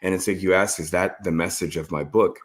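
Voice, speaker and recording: A man's voice: sits low, fairly even intonation, a little fast. A man, the author, talking earnestly and with feeling about his novel in an interview. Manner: earnest, heartfelt and reflective.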